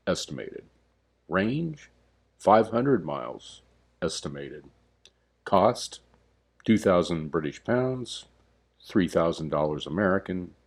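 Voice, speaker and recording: A man's voice: sits low, darkish tone, husky. A man narrating a scripted comic history piece, with wry, dry asides.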